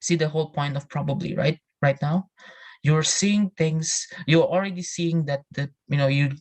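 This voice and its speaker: A man's voice: a little high, normal speed, a little mellow. A man presenting in a live English class, talking earnestly to his listeners and repeating phrases as he restarts his sentences. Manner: addresses listeners directly with "you know" and "right". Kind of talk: motivational talk.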